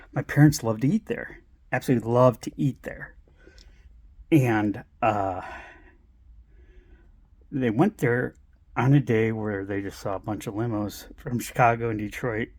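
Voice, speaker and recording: A man casually telling a family story, halting with fillers and restarts and laughing often. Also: medium pitch, darkish tone, no echo.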